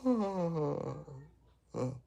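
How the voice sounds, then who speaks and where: A man's voice: a little high, lively intonation, extremely slow, vocal fry, warm tone. A young man casually chatting on a livestream, reading viewer comments in a loose, rambling way and laughing often. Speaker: livestream host.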